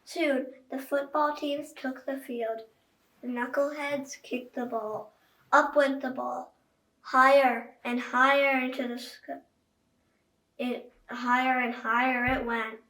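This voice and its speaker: A woman's voice: high voice, flat delivery, takes it slowly, fairly bright tone. A woman reading a children's book aloud, chatting directly to young listeners. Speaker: children's story reader. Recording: echoey room, voice far from mic.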